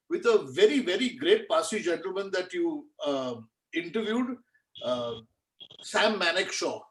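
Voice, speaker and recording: A man with an Indian English accent, co-hosting a quiz show, halting and repeating words as he sets up questions. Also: high-pitched. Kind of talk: casual hosting chat.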